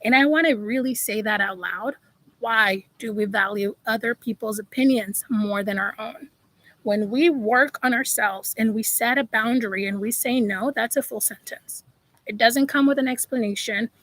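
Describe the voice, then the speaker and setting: A woman's voice: fairly high pitch, moderate pace, a bit bright, dry recording, rough recording. A woman life coach talking live to her viewers, emphatic and preachy, calling them y'all. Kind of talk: live-stream motivational talk.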